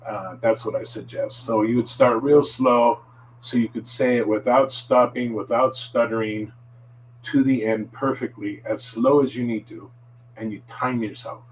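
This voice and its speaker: A man's voice: medium pitch, fairly even intonation, a little slow. A man giving a casual live-stream language lesson, chatty and full of fillers. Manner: rambling, filler-heavy, chatty. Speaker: Japanese language teacher. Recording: distant mic with faint hum.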